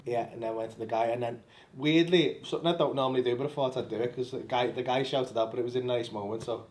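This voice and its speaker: A male comedian, his medium-pitched voice steady and a little mellow, chats backstage once the show is over. The talk is rapid-fire, blunt, and full of curse words, captured in a room with noticeable echo.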